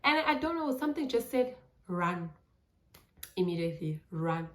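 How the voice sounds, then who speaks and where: A woman's voice: on the low side, moderate pace, roomy sound. A South African woman telling a personal story for her vlog, acting out what she and others said. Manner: animated storytelling, acting out her own past lines. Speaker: YouTuber.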